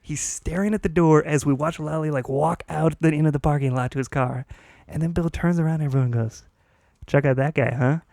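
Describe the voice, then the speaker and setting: A man on a comedy podcast telling a long story with lively energy and laughing at his own punchlines. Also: a little high, fairly quick, creaky, no room sound, studio quality. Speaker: podcast co-host. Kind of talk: casual storytelling.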